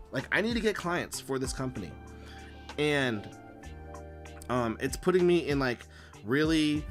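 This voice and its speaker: A man hosting a casual live stream while he draws, rambling and swearing with many fillers and acting out his own quoted lines as he tells a story. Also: medium pitch. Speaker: live-stream host and comic artist.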